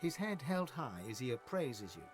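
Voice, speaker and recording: A man voicing the narrator of a fantasy video game, describing scenes in a measured, scripted way. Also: mid-range voice, very animated, music in the background, close to an everyday voice.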